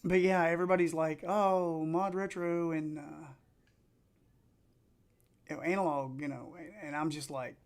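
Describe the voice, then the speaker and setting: A middle-aged man with an Appalachian accent, chatting casually and excitably while streaming video games and telling rambling stories. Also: a little high, moderate pace, pauses often, clear, resonant tone. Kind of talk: casual live-stream chat while gaming.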